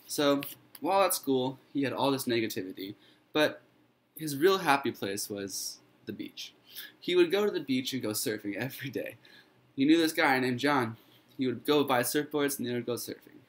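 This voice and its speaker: A man's voice: mid-range voice, animated, moderate pace. A man telling a fairy tale he made up, in a loose, informal way with fillers and restarts. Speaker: student storyteller.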